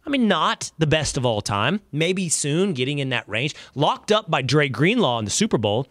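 A male host delivers sports opinion commentary in an emphatic, conversational way. His pitch swings widely as he argues his point. The sound is dry and close, with no room around it. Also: very animated, normal speed, a bit bright, dry recording. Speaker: show host.

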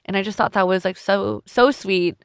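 Candid, smooth-voiced young woman podcaster. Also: medium pitch, normal speed, no room sound, clean studio sound. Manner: candid and tender, with frequent restarts. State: a little emotional. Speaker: podcast host. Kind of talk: personal reflective podcast talk.

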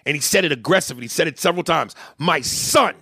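A man's voice: a little high, rapid-fire, vocal fry, husky, dry recording, clean studio sound. A man arguing politics in a heated, profane way, often retelling and acting out what others said. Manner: heated, profane, animated storytelling. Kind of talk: casual political debate.

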